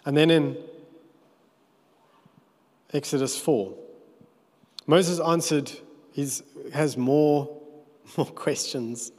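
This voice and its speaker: A man preaching a sermon, telling the story with animated, playful asides. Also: mid-range voice, slow pace, pauses often. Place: church hall. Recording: echoey church hall.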